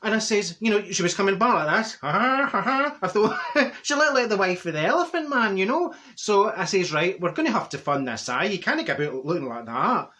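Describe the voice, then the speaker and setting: A man's voice: sits high, very animated, fairly quick, few pauses, pushed and bright, heavily acted. A man playing a chatty older woman from Glasgow with a Glaswegian Scottish accent, telling a rambling comic story and laughing at his own jokes. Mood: gossipy. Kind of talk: comic character monologue.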